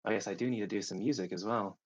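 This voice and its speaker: A man's voice: fairly low pitch, rough recording. A man narrating as game master of a streamed tabletop game, stopping often with fillers and restarts. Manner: halting, many fillers and restarts.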